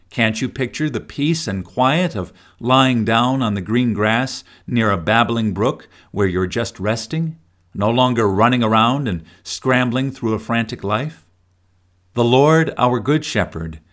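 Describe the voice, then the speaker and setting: A middle-aged man reading a scripted daily devotional in a slow, earnest way. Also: medium pitch. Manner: slow, earnest reading with expressive rises and falls. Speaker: devotional speaker.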